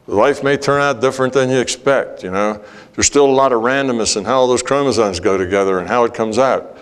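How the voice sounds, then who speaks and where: A man speaking to a workshop audience and answering their questions in a conversational way, with many fillers, acting out bits of dialogue. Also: lowish voice. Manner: conversational, many "you know" fillers, acts out quoted dialogue.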